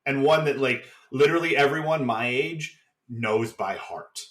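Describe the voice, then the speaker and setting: A man in mid-range voice chats loosely as a podcast co-host, recapping an old TV episode. He swears freely and drops into quick mock voices for the characters now and then. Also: medium pitch, fairly bright tone, a little hiss or hum. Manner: swearing, chatty, acts out quick impressions. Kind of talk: casual chat recapping a TV episode.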